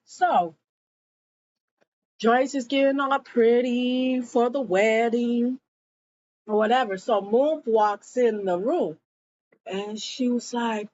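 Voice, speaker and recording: A woman recapping a TV episode in casual chat, slipping into quick voices for the characters' lines. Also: on the high side, lo-fi sound, slight background noise. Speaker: show recap vlogger.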